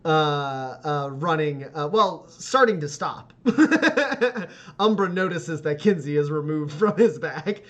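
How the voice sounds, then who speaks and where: A man runs a tabletop role-playing session as game master. His voice sits a little high, and he narrates loosely, stringing scenes together with plenty of "like" and "uh" and breaking into laughter often. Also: lively intonation, takes it slowly, a bit bright. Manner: rambling, full of "like" and "uh" fillers, laughs often.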